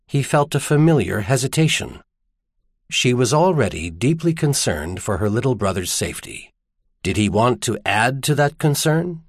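In a clean studio recording with no room sound, a man with a mid-range voice narrates an audiobook, telling the story in a measured and expressive way.

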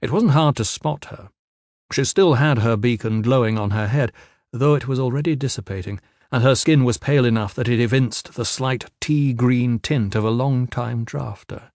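A mid-range male voice delivers scripted narration for an audiobook, keeping a measured, even storytelling rhythm. The recording is dry and studio quality.

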